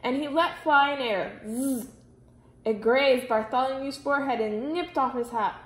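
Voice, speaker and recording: A woman reading a children's story aloud, with expressive storytelling. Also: high voice, moderate pace. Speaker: reader. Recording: roomy echo.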